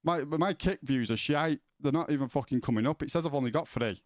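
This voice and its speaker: A man with a fairly high voice talks fairly quickly to his viewers while streaming from home, rambling casually, swearing, and stumbling over the starts of his sentences. The audio is studio quality with no echo.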